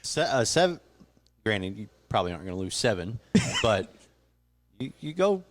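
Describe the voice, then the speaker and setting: A man's voice: on the low side, sing-song, moderate pace, background noise. A man co-hosting a sports podcast, making confident picks with joking banter. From Kentucky. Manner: confident, joking, laughs often. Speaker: podcast co-host.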